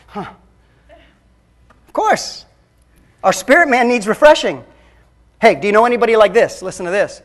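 A man preaching a sermon as a pastor, emphatic and swinging between loud and hushed. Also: high-pitched, very animated, normal speed, long pauses.

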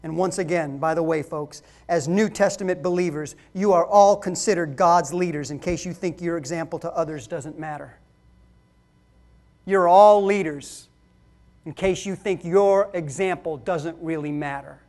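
A man's voice: a little high, normal speed, darkish tone. A man preaching a sermon, emphatic and calling the congregation folks.

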